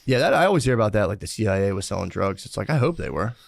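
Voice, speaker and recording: A man rattles off casual podcast chat at a brisk clip, excitable and profane. His voice is on the low side. The recording is dry and close. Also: gravelly, no echo. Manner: quick, excitable, profane rambling about history. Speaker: podcast co-host.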